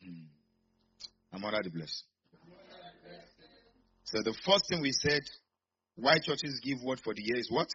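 A Nigerian man preaching a sermon in church, swinging between quiet asides and sudden shouts. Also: mid-range voice, sing-song, unhurried, pauses often, slightly rough, lo-fi sound. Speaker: pastor.

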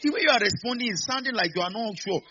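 A man's voice: sits high, fast, bright, forceful tone, a little hiss or hum. A man preaching a sermon, repeating lines and calling on the congregation to answer back. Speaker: pastor. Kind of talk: sermon with call-and-response. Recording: dull lo-fi recording.

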